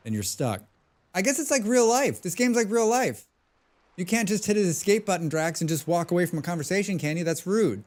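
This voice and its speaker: A man's voice: on the high side, lively intonation, quick pace, darkish tone. A man streaming a video game, rambling and joking about himself as he plays. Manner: rambling, joking, self-deprecating. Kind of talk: casual gaming livestream commentary.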